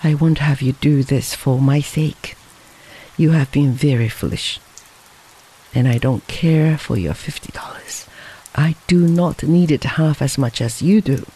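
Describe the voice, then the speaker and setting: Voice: medium pitch, measured pace, dark tone, slightly rough, rough recording. Narrator voicing a proud man on the run. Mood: earnest.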